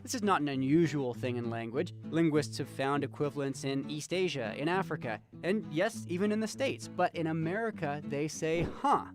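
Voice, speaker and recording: A man's voice: fairly high pitch, expressive, normal speed, few pauses. A man with a Canadian accent narrating a scripted news feature as a reporter, upbeat and explanatory. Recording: voice-over with music bed.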